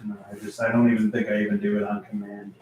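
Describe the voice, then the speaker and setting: His fairly low voice is monotone and a little mellow, captured in an echoey room on a rough recording with slight background noise. He rambles casually about his record collection for a vlog, halting, using many fillers and muttering to himself as he searches.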